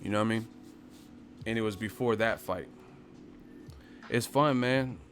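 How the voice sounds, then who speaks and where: A man's voice: lowish voice, measured pace, a bit bright, soft background music. A man hosting a boxing live stream, talking casually and profanely to his viewers with lots of jokes and asides. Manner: loose, profane, joking, talks straight to viewers. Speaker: boxing channel host.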